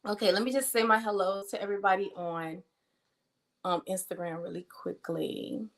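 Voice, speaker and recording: A middle-aged woman, hosting a casual livestream and warmly greeting viewers by name. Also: mid-range voice, steady tone, moderate pace. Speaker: livestream host.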